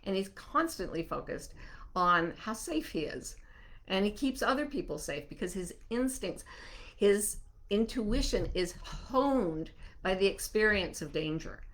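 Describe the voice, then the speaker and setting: A woman hosting a live online gathering, answering listener questions in an animated, reassuring way. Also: medium pitch. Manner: warm, animated, soothing when slowing down.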